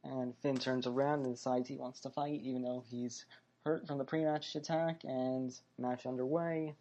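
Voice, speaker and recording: A man's voice: medium pitch, little pitch movement, normal speed, mellow, highs cut off. A man hosting a podcast, chatting casually through a fight recap in a rambling way, full of fillers and self-corrections. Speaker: podcast host. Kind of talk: solo wrestling and fight recap chat.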